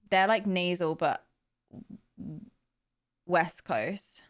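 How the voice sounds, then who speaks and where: A woman's voice: fairly low pitch, unhurried, pauses often. A young British woman livestreaming, chatting casually and playfully with viewers, laughing often. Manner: giggly, chatty, playful, animated with hand gestures.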